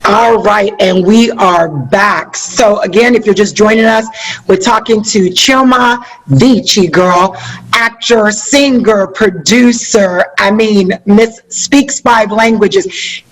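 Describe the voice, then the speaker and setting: A woman hosting an interview, asking quick, eager questions in a casual tone. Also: medium pitch, low-quality recording. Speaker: interview host.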